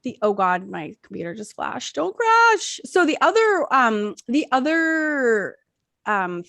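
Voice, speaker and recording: A middle-aged woman co-hosting a podcast in casual chat, rambling and animated with many restarts. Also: fairly high pitch, unhurried, gravelly, dry recording. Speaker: podcast co-host.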